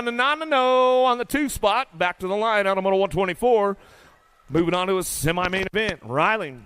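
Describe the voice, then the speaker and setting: A man announcing live BMX races in an indoor arena, rattling off riders' names in rapid play-by-play with casual, folksy banter. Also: high-pitched, fairly bright tone, clean tone, no room sound. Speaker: race announcer. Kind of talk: live BMX race commentary.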